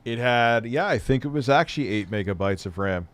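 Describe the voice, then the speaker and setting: A man's voice: mid-range voice, animated, a little fast. A middle-aged man hosting a live stream, chatting loosely and rambling, with casual swearing. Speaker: streamer host.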